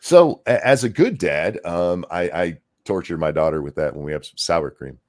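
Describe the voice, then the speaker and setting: A man's voice: low voice, lively intonation, moderate pace. A middle-aged man co-hosting a live political reaction stream, talking in a loose, jokey, often profane way. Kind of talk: casual live reaction chat.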